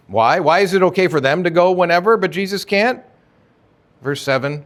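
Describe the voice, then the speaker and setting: A man's voice: sits high, lively intonation, normal speed. A male pastor preaching an expository sermon in a conversational way, often asking rhetorical questions.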